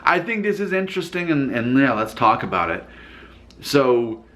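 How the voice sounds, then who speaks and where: A man's voice: mid-range voice, very animated, normal speed, a bit bright. A man casually rambling as he reacts to viewer comments in his vlog, often breaking into laughter.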